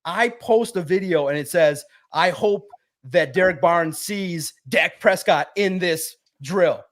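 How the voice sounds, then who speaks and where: A high-voiced man, a sports publisher appearing as a podcast guest, spins a story slowly but with lively, animated energy. His tone is relaxed and friendly, like he's among buddies.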